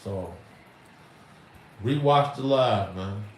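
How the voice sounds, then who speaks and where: A man's voice: fairly low pitch, very slow. Rambling middle-aged man, roomy echo. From Chicago. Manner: rambling, emphatic, slangy. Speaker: livestream host. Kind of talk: casual livestream talk. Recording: roomy echo, far from mic, faint noise.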